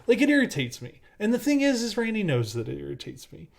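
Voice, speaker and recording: Casting: man, podcast co-host, rambling anecdotal delivery, voice a touch higher than typical. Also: sing-song, fast talker, gravelly. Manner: rambling storyteller, lots of fillers and restarts. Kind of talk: casual podcast chat.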